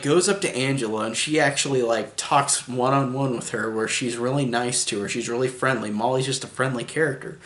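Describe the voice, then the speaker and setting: A man's voice: medium pitch, a bit bright. A man giving a casual spoken movie review, rambling with lots of "like" and restarts, chuckling now and then. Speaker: film reviewer. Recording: echoey room.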